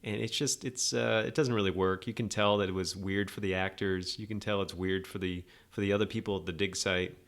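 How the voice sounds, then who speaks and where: A man's voice: sits low, steady tone, fairly quick, hardly any pauses, a bit bright. A man hosting a podcast, giving a rambling, sarcastic, opinionated movie review in a casual monologue. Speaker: podcast host.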